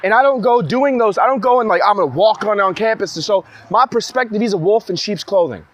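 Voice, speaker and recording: A man's voice: sits high, quick pace, a bit bright. A young man in a heated, rambling monologue, speaking in an agitated way full of restarts. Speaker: vlogger ranting to camera.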